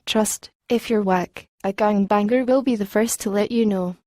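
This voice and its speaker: A woman's voice: medium pitch, moderate pace, darkish tone, no echo, studio quality, natural voice. A woman voicing a hot-tempered young aunt in a gang, talking brash, hyped street slang.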